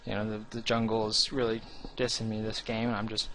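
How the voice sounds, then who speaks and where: A man's voice: fairly low pitch, monotone, brisk, a bit bright, a little hiss or hum. Rambling, earnest young man. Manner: rambling, restarts often, earnest and self-deprecating. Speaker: gaming channel host. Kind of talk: casual talk to camera about his channel.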